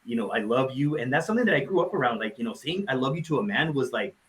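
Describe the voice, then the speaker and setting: A man speaking heartfelt words in memory of a friend during a live online session, pausing often and restarting his sentences. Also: mid-range voice, animated, poor audio. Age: adult, parent of a nine-year-old. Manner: heartfelt, halting with many restarts and fillers. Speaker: tribute speaker.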